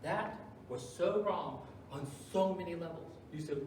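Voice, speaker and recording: High-voiced preacher in an echoey hall. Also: male voice, measured pace, distant mic, noisy background. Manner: dramatic swings between loud emphasis and hushed asides. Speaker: pastor. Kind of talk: sermon. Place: church sanctuary.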